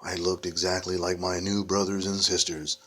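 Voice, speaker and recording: A man's voice: sits low, flat delivery, normal speed, fairly bright tone. A man reading a children's ghost story aloud, adding playful casual asides. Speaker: reader of a children's book.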